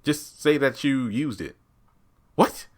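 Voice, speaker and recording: A man voicing a cocky, carefree young man, pitched above his own voice. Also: slow, darkish tone.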